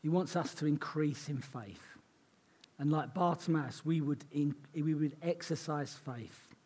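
Hoarse, earnest male preacher. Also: on the high side, measured pace, darkish tone. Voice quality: husky, croaky. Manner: earnest, conversational preaching with asides. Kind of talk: sermon.

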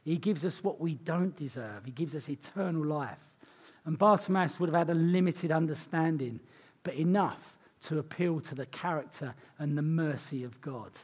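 A man preaching a sermon in an earnest, conversational way, his voice hoarse and croaky. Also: fairly high pitch, normal speed, darkish tone. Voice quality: husky, croaky.

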